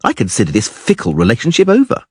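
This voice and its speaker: A man doing a flamboyant excitable troubadour. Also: mid-range voice, quick pace, breathy edge, dry recording, studio quality. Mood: theatrical. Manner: theatrical, excitable, boastful. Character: flamboyant vain young male troubadour.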